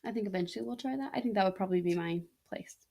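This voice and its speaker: A woman's voice: medium pitch, rapid-fire, gravelly, mellow. A woman co-hosting a podcast, telling stories in casual chat with lots of "um" and "like". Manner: chatty, many fillers like "um" and "like". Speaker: podcast co-host. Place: living in France.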